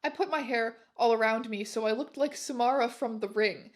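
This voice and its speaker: Woman reading fanfic out loud, deadpan, high voice, snarky little asides. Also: normal speed. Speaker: narrator reading fan fiction aloud. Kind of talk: comic dramatic reading.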